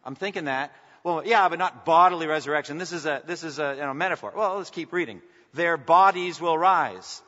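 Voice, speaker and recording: A man's voice: on the high side, fast, few pauses, pushed and bright. A pastor preaching a sermon with passion, climbing to emphatic peaks as he reads scripture. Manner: impassioned, rising to emphatic peaks when reading scripture. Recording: dull sound with long hall reverb.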